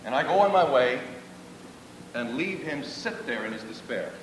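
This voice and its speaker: A man's voice: animated, moderate pace. A man preaching a sermon, earnest and repeating phrases for emphasis. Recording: echoey hall, distant mic, faint rumble.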